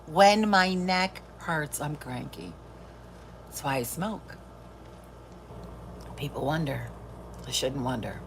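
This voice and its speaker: A woman's voice: low-pitched, animated, slow pace, pauses often, background noise. A middle-aged woman hosting a live stream, chatting casually, swearing freely and laughing often. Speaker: livestream host.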